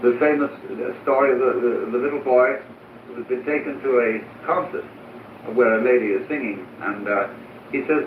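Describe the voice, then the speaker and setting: A man telling a reflective anecdote in a measured, lecture-like way. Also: medium pitch, a little hiss or hum. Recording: tinny, echoey phone audio from far off.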